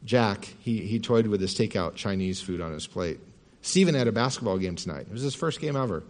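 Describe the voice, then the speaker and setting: A male pastor telling parables in a sermon with calm, measured narration. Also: lowish voice. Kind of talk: sermon storytelling.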